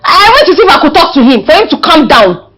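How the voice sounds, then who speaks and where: A woman's voice: high voice, sing-song, fast talker, fairly bright tone, rough recording. A woman acting in a family drama, talking emotionally, pleading and scolding by turns. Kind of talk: Nigerian village skit acting.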